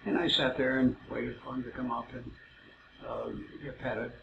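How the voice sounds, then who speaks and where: Man, casual storyteller, halting and rambling, gravelly flat delivery, muffled noisy roomy recording. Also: mid-range voice. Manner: rambling, many "uh" fillers, halting. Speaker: self-described psychic telling stories.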